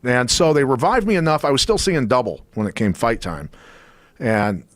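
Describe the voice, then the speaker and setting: With a medium-pitched voice at normal speed and no room sound, a middle-aged podcast guest who used to fight recounts a story. He keeps it casual and animated, voicing the quotes himself.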